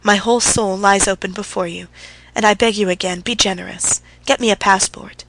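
A woman voicing a young wife who is tearful, petulant and full of self-pity, in a high whining storybook voice. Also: fairly even intonation, fairly quick, noisy background, close to an everyday voice.

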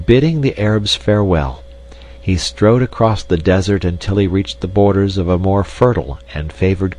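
A man reading a storybook aloud in a measured, even way. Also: low-pitched, low-quality recording. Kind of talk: audiobook narration.

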